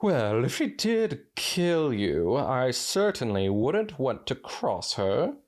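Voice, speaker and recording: A man voicing a prim, fashionable teenage girl in a fan fiction read-aloud, speaking slowly and carefully. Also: medium pitch, wildly swooping pitch, pitched above the performer's own voice. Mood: wary.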